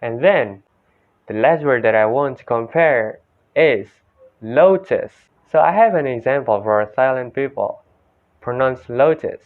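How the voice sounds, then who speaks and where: A man's voice: medium pitch, lively intonation, a little slow. A young man with an Indonesian accent giving a classroom presentation, repeating example words several times. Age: young adult. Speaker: student presenter. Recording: tinny phone-like sound.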